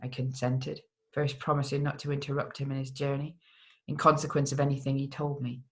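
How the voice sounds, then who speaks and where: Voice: mid-range voice, steady tone, a little fast, natural voice. A reader voicing a stern nobleman with a put-on foreign accent that keeps slipping, in a gothic audiobook reading. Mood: grave. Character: stern nobleman, a man back from prison. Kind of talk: audiobook character voice.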